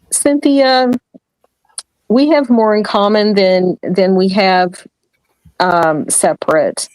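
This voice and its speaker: A woman's voice: medium pitch, dry recording, low-quality recording. Earnest woman guest on a panel. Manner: earnest, pleading, tearful at times. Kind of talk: emotional call-in talk.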